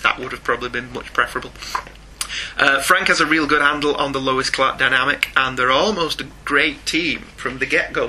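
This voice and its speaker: A man's voice: medium pitch, noisy background. A man with a Northern English accent, co-hosting a casual podcast and recapping comic plots with dry asides. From North of England. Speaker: podcast co-host. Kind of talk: casual chat.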